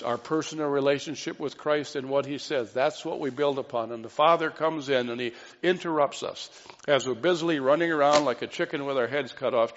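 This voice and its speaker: Man preaching in an echoing hall. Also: mid-range voice. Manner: earnest, repeats key phrases for emphasis. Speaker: pastor. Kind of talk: sermon. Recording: dull reverberant hall recording.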